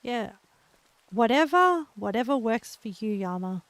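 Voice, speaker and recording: A young woman with an Australian accent, chatting gently and encouragingly with her live viewers as a streamer, laughing often. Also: fairly high pitch, lively intonation, a little slow, dry recording. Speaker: livestreamer. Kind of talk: casual chat with live viewers.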